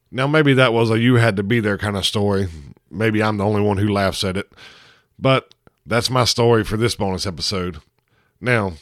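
A man's voice: fairly low pitch, no room sound, studio quality. A man hosting a podcast, telling a story in a laid-back, conversational way. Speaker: podcast host. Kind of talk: casual storytelling.

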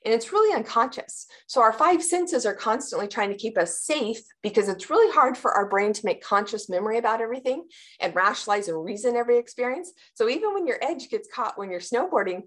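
Woman, trauma therapist guest, animated explainer who gasps out panicked inner voices. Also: a little high, fast. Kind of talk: explanatory interview answer.

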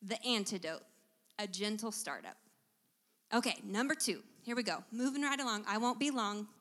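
A woman's voice: medium pitch, moderate pace, fairly bright tone. A middle-aged woman, teaching a church congregation about relationships and quizzing them as she goes. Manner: teacherly, engages the audience with questions. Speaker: guest speaker at a church service. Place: church sanctuary. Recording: church hall reverb.

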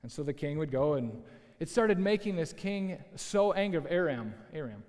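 A man preaching a sermon as a pastor, telling a story in a lively, conversational way with asides to the listeners. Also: on the high side, moderate pace. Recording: long hall reverb.

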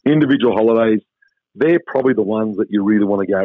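An Australian man talks through a tinny, phone-like line. His delivery is relaxed and chatty, with an upbeat lift as he explains things. The sound is dry and close. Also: fairly low pitch, quick pace, dry recording. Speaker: travel company guest. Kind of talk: phone interview.

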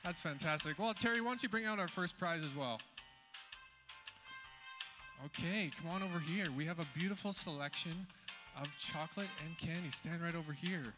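A man's voice: a little high, moderate pace. A man hosting a playful mock game show at a live event, upbeat and exclamatory, with music playing behind him. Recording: music playing in a reverberant hall.

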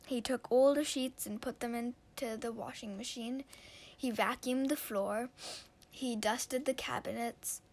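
A woman narrates a story casually, making it up as she goes. Her telling is loose and full of fillers and restarts. Her voice sits a little on the high side. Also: fairly even intonation, a little slow.

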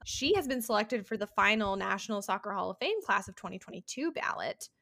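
A woman co-hosting a casual sports podcast, animated and laughing often. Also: medium pitch, fairly quick, creaky, no echo. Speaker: podcast co-host.

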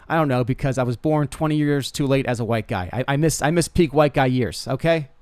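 A man's voice: medium pitch, a little fast, darkish tone, clear, resonant tone, no echo. A young man hosting a podcast, telling rambling self-deprecating comic stories with lots of stammered restarts. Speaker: podcast host. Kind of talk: casual comedic monologue.

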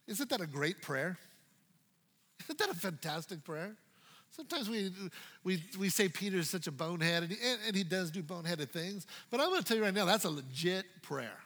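A male pastor preaching a sermon in a playful, dynamic way, swinging from loud to hushed. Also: high-pitched, animated, fairly quick, in a large hall.

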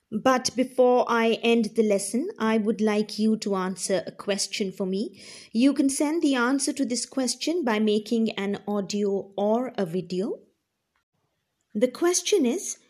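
Slow, careful woman teacher reading aloud. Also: a little high, darkish tone. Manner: slow and clearly spoken, explaining to learners. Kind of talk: reading a class reader aloud.

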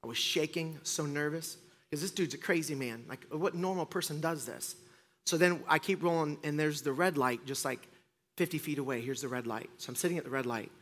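Bright, high-voiced preacher telling a story. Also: male voice, fairly quick. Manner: animated, self-mocking storytelling with acted-out quotes and deadpan jokes. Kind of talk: storytelling sermon. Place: church stage before a congregation.

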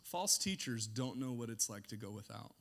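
Animated, sarcastic male preacher. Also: mid-range voice, moderate pace, vocal fry. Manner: animated, sarcastic, swings between hushed asides and shouting. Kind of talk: sermon.

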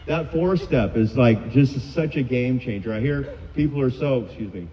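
A man's voice: medium pitch, moderate pace. A middle-aged man speaking at a recovery meeting, sharing his story in a candid, self-mocking way. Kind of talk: personal recovery story share. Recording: dull, echoey hall sound.

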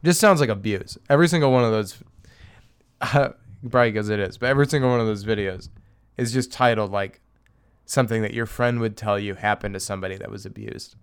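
A man's voice: fairly low pitch, brisk, clean tone. A young man rambling through a crude comedic rant on his own, chuckling and swearing as he goes. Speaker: podcaster. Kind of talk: casual solo comedic rant.

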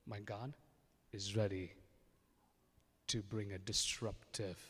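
A man's voice: lowish voice, little pitch movement, slow, fairly bright tone, breathy edge. A man preaching a sermon with testimony, emphatic and acting out quoted dialogue. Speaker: pastor. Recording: echoey hall with long reverb.

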